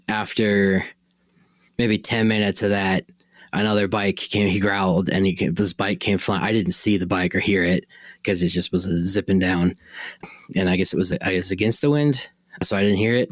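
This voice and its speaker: A man's voice: deep voice, no echo. A man hosting a podcast, telling a personal story in a rambling, conversational way and often correcting himself. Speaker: podcast host.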